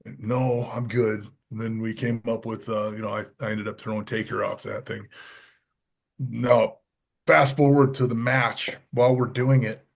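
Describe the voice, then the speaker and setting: Man, husky, podcast guest, casual storytelling, acts out quotes in a low voice. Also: moderate pace. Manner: animated, acts out quotes with lowered voice. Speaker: podcast guest, former wrestler.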